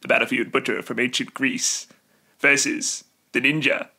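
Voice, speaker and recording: A young man putting on the voice of a grave TV documentary narrator, in a booming trailer-style announcing manner. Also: little pitch movement, normal speed, pushed and bright. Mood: dramatic.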